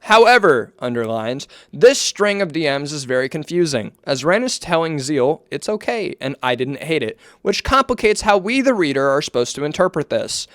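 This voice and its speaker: Smooth-voiced man reading notes aloud. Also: a little high, big pitch swings, fairly bright tone, no echo, studio quality. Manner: reads aloud in a measured tone, with casual asides and swearing. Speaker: online commentator. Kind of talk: casual commentary, reading from notes.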